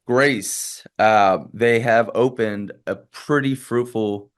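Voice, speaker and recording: A man's voice: on the low side, takes it slowly, smooth. A man hosting a casual podcast, speaking in a friendly, rambling way with frequent restarts. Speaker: podcast host.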